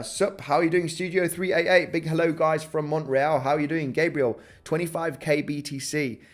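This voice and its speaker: A man with an English accent hosting a live crypto trading stream, talking through charts and chat comments with lots of "okay?" and "right?". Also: medium pitch. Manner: chatty, fillers and repeated "okay?", "right?". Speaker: crypto trading livestream host. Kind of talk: live market analysis reading chat.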